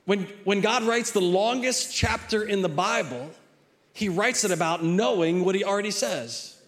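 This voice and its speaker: Middle-aged pastor guy preaching, slightly high voice, chatty, keeps restarting his sentences. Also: moderate pace, fairly bright tone. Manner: conversational preaching with frequent repeated words and restarts; acts out a child's pleading voice in quotes. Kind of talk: sermon.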